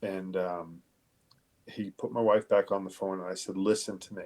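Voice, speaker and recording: A police detective telling a personal story in a halting, candid way, swearing casually. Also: male voice, low voice, fairly even intonation, dark tone. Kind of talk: conversational storytelling.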